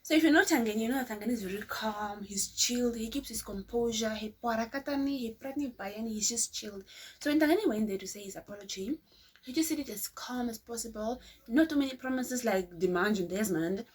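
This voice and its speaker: A woman's voice: a little high, fast, husky. A woman vlogger telling a story to her viewers in a chatty, casual way, often addressing them as guys.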